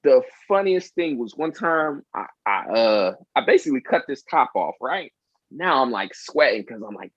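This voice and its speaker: A man chats on a podcast, telling stories with a lively, swooping pitch and acting out what people said. His speech is blunt and full of swearing. The sound is dull and lo-fi, close and dry. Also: normal speed, husky, no echo. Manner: animated storyteller, acts out quotes, swears a lot. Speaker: podcast co-host. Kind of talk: casual chat.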